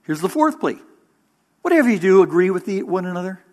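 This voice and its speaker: A man preaching a sermon as interim pastor, measured and emphatic, with pauses for weight. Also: high-pitched, sing-song, darkish tone.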